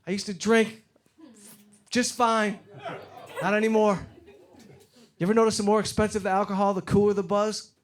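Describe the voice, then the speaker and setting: A man's voice: sits high, little pitch movement, moderate pace, long pauses. A man in his forties from Detroit doing a brash, profane stand-up set on a club stage, acting out the people in his stories. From Detroit, USA. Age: 40s. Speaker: stand-up comedian. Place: comedy club stage before a live audience. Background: audience laughter.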